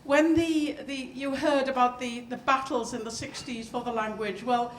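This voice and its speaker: A woman's voice: high voice, fairly even intonation, normal speed, a little hiss or hum. A woman poet speaking conversationally at a reading event, often restarting her sentences as she explains. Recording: echoey hall with faint ambience.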